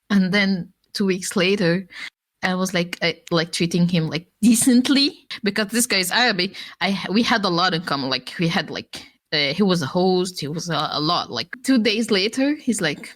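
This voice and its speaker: A woman telling a story in casual chat, acting out other people's lines in a raised voice, laughing often and swearing freely. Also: moderate pace. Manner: animated, acts out quotes in raised pitch, laughs often, swears. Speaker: former e-pal guest.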